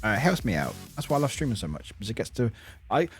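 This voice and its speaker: A man's voice: medium pitch, wildly swooping pitch, quick pace, fairly bright tone, husky, no room sound, clean studio sound, soft background music. A man streaming a game and chatting casually with viewers, rambling, laughing often and swearing casually.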